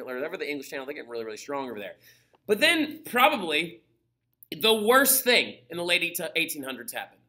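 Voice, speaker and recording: A young man gives a lively history lesson in a high voice. He keeps his tone bright and ringing, jokes his way through the material, and checks in with "right?" after nearly every point. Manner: animated, joking, full of "right?" and quick put-on voices. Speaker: history teacher. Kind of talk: casual flipped-classroom lecture.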